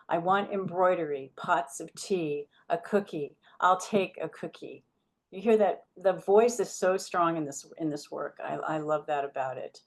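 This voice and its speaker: A woman's voice: lowish voice, darkish tone. A woman hosting a poetry reading, introducing the next poet in a chatty way, full of fillers, asides and earnest praise. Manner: earnest, gets choked up.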